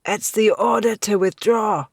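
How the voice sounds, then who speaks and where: Woman voicing wounded older seneschal, gruff, wheezy, growling, storybook. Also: fairly low pitch, expressive, unhurried, darkish tone, no room sound, studio quality, pitched above the performer's own voice. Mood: strained. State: wheezing, injured.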